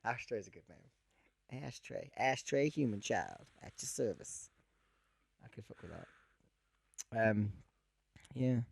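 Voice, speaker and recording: A man's voice: mid-range voice, lively intonation, takes it slowly, creaky, pauses often, husky. A man co-hosting a podcast, talking in a rambling, jokey, self-mocking way. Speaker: podcast co-host. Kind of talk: casual podcast banter.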